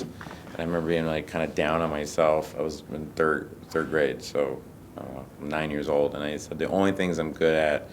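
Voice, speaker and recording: Interview guest, male, very low voice, animated storyteller, faint room hum behind. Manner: animated storyteller who acts out quotes. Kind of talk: casual interview chat.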